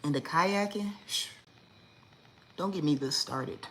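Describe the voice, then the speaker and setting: A woman, hosting a casual livestream chat and telling stories in a lively, indignant way, acting out what people said. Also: low-pitched, unhurried, slight background noise, poor audio. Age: 40s. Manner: animated storytelling, acts out quotes, lively and indignant. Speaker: livestream host.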